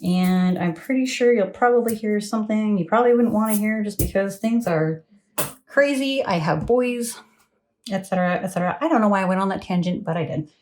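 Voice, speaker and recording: This woman's mid-range voice is a little mellow and moves fairly quickly. In her thirties, she sits at home late at night reading tarot into her phone camera, her talk chatty and meandering, with frequent apologies and laughs.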